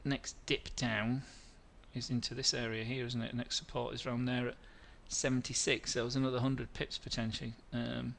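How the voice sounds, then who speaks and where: A man's voice: medium pitch, little pitch movement, moderate pace, creaky, a bit bright, a little hiss or hum. A middle-aged man hosting a live trading webinar, walking through charts, answering viewer questions and often correcting himself mid-sentence.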